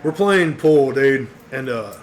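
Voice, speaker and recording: A man's voice: mid-range voice, expressive, takes it slowly. A man telling a long story on a casual podcast, swearing constantly and saying "dude" and "bro" a lot. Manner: profane, rambling, says "dude" and "bro" a lot. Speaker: podcast co-host.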